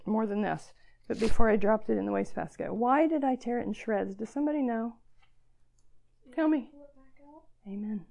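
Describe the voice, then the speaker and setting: A woman's voice: mid-range voice, gravelly, warm tone, a little hiss or hum. An older woman over sixty giving an earnest church talk to girls, emotional at times and self-deprecating. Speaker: speaker addressing girls at church gathering. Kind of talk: sermon.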